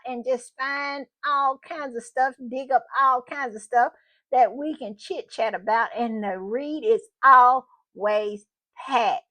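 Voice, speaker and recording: A woman hosts her channel in an easy, chatty way. Her voice sits high, and she takes her time, stretching out phrases and repeating her thanks with warm emphasis. The delivery is effusive and unhurried. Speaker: channel host. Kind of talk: casual chat.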